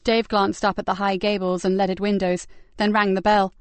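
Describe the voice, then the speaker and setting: A woman's voice: mid-range voice, little pitch movement, moderate pace, clean tone, no echo. A woman narrating a crime novel as an audiobook reader.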